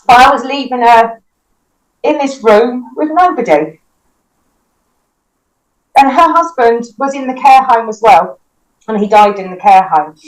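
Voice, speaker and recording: Woman paramedic telling a tough story on a podcast, fairly high voice, gets emotional, quotes people a lot. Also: expressive, a little slow, long pauses, low-quality recording. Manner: emotional, vivid retelling with quoted dialogue. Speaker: paramedic guest. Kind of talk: personal storytelling in a podcast interview.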